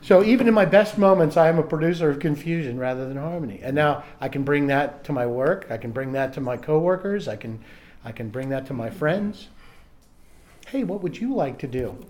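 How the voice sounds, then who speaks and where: A middle-aged man sharing candidly in a recovery group, self-mocking and halting, often restarting his sentences. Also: a little high, darkish tone, a little hiss or hum.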